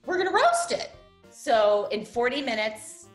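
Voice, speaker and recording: A woman's voice: a little high, wildly swooping pitch, unhurried, reverberant, over music. A woman hosting a casual cooking demonstration, chatty and playful, laughing often as she talks another cook through a recipe. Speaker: cooking show host. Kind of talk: casual cooking demonstration over video call.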